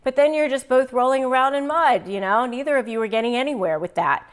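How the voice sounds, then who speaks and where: A woman's voice: high voice, fast talker. Emphatic woman giving advice. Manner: emphatic, repeats phrases, acts out sample lines. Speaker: host. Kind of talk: advice talk to camera.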